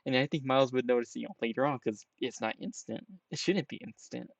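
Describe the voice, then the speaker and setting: A man's voice: mid-range voice, fast talker, creaky, no echo, highs cut off. A man giving casual, rambling reaction commentary on a game trailer, peppering his talk with "you know" and "right?". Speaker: trailer reviewer.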